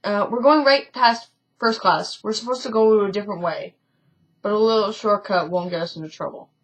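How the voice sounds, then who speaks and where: A woman's voice: mid-range voice, normal speed, rough recording. A woman reading a story game aloud in a casual let's-play, often stumbling and correcting herself, with chatty asides.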